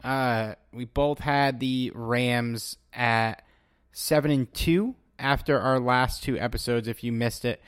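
A man's voice: mid-range voice, takes it slowly, clear, resonant tone, no echo. Man, podcast host, casual chat, dry close sound. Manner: relaxed, reads tweets aloud to his co-host.

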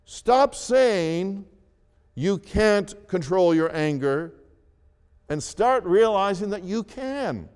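Slow, deliberate preaching man in a hall. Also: high-pitched, animated, darkish tone, clear, resonant tone. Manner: slow, deliberate preaching with repeated phrases and emphatic rises. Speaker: pastor. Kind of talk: sermon. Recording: long reverb of a large hall.

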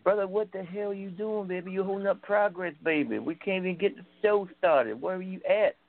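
A brash male wrestling star drawls and bosses people around, as a man puts him on. His voice is pushed up high and gravelly. It sounds tinny, like it is coming through a phone. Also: fairly quick. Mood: scolding. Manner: drawling, calls people brother and baby.

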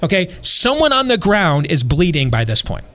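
A man hosting a podcast, telling a long personal story in a casual, animated way, repeating himself and adding dry asides. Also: high-pitched, normal speed. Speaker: podcast host.

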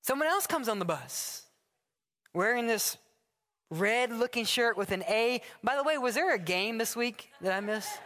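A man's voice: very high-pitched, moderate pace. A man preaching a sermon from the pulpit, telling stories and acting out short dialogues. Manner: animated storytelling with acted dialogue. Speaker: pastor. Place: church sanctuary. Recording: long hall reverb.

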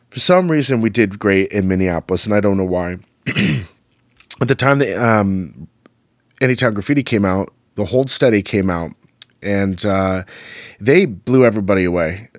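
A middle-aged man from the United States talks in a lowish voice, telling loose, animated stories as a podcast host. He wanders off on asides and fills gaps with "um" and "like." The sound is dry and close, with no room around it. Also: no room sound. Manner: rambling, animated, many fillers and asides. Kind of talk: casual storytelling monologue.

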